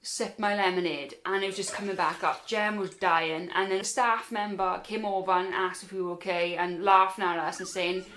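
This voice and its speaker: A young woman recounts a holiday tale in a casual, lively way, slipping into other people's voices as she goes. Her voice sits at an ordinary middle pitch. A faint hiss runs behind her. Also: moderate pace, few pauses. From Wales. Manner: animated, acts out other people's lines in put-on voices. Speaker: storyteller vlogger. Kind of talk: casual storytelling.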